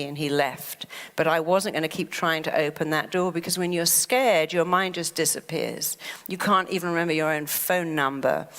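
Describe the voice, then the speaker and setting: A woman therapist giving a lively motivational talk who often acts out anxious inner voices. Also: lowish voice, long reverb tail.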